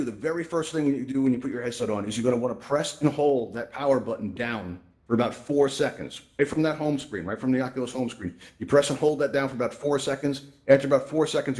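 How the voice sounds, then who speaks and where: Fast-talking man hosting a VR how-to. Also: medium pitch, darkish tone. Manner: conversational, lots of "right?" and "you know" fillers. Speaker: event host and presenter. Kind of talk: casual live presentation in virtual reality. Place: virtual reality social space.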